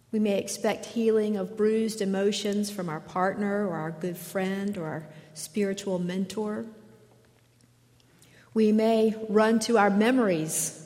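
A woman's voice: medium pitch, a little mellow. Woman preaching in an echoey church. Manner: conversational, asks questions of the listeners. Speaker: pastor. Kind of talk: sermon. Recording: echoey hall reverb.

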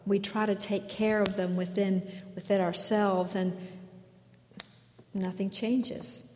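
A woman's voice: medium pitch, level tone, slow pace, mellow, a little hiss or hum. Woman preaching in an echoey church. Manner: conversational, asks questions of the listeners. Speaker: pastor. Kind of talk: sermon. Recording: echoey hall reverb.

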